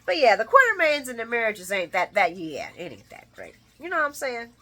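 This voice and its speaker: Lively, bright-voiced woman recapping a soap. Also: fairly high pitch, brisk. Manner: chatty and expressive, with slangy asides to viewers; laughs often while talking. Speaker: soap opera recap host. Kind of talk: casual recap commentary.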